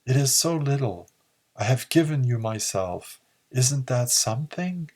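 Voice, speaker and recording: A man voicing a seductive, mysterious siren woman in a soft, purring voice. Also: mid-range voice, expressive, measured pace, pitched above the performer's own voice. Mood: tempting.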